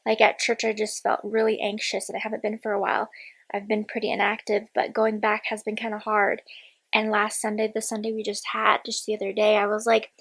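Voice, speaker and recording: A woman's voice: medium pitch, completely flat delivery, a little fast, a bit bright, poor audio. A woman in her twenties talking casually in a personal diary vlog, rambling and candid, sometimes dropping to a whisper. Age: 20s. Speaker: vlogger.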